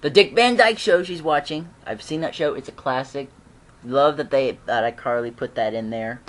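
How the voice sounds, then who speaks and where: An excitable fan recaps a TV episode in a loose, chatty vlog. The delivery rambles and restarts, with frequent throat clearing and little laughs. The speaker keeps slipping into the characters' lines. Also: medium pitch, moderate pace.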